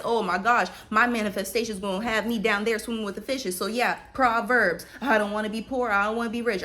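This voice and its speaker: A woman vlogger in casual, animated spiritual commentary, exclamatory and slangy, talking straight to her viewers. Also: a little high.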